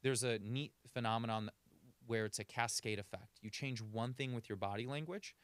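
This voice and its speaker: A man's voice: mid-range voice, normal speed, fairly bright tone, no echo. A man working as a communication coach, giving practical advice in a podcast interview and shifting his pace to demonstrate. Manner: coaching, illustrative, varies speed for demonstration.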